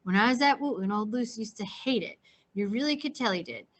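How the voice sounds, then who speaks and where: English teacher reading a novel aloud. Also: female voice, a little high, expressive, fairly quick.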